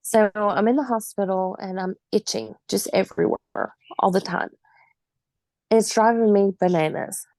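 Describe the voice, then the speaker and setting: A woman's voice: mid-range voice, moderate pace, creaky, darkish tone, no echo. A woman in her forties, a podcast guest, telling her own story in vivid, emphatic detail with occasional laughs.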